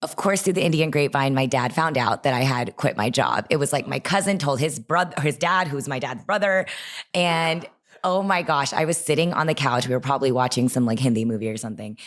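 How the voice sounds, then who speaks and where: Low-voiced, animated young woman. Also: brisk. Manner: animated, lively, full of "like". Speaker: guest, online creator. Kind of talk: personal storytelling in a conversation.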